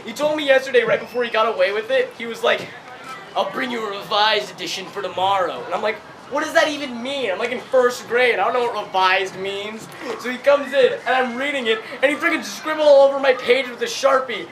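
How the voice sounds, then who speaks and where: A young man rambling through an improvised comedic story, giggling and breaking into loud put-on quotes. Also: very high voice, brisk. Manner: giggly, rambling, full of fillers, voices shouted quotes. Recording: clear background noise.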